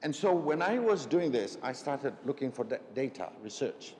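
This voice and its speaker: A man's voice: very animated, moderate pace, darkish tone. A man leading a live public speaking workshop, asking the audience questions and often checking in with "right?". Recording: echoey hall with faint rumble.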